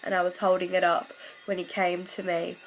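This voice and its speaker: A woman's voice: lowish voice, completely flat delivery, rough recording. A woman, telling a fan story in casual vlog chat, gushing along with lots of "like" fillers. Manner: gushing, fast-flowing recount full of "like" fillers. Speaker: vlogger.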